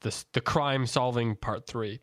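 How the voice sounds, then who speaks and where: A man's voice: medium pitch, fairly even intonation, a little slow, fairly bright tone, dry recording, clean studio sound. Easygoing man hosting a book podcast. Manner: loose, rambling with many restarts. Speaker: podcast host. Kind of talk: casual book-club chat.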